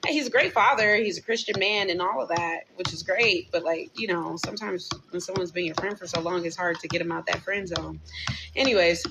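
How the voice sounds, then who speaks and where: A woman's voice: on the low side, brisk, noisy background. A woman in her thirties telling a personal story to a live chat, candid and profane, stopping often to ask her viewers what they think. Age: 30s. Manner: candid, profane, venting, asks chat for opinions. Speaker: livestream host.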